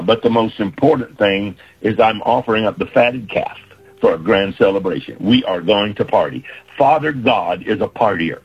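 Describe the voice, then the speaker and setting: Very husky low-voiced male preacher. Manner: earnest, repetitive preaching cadence. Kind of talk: sermon. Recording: dull lo-fi recording with faint music.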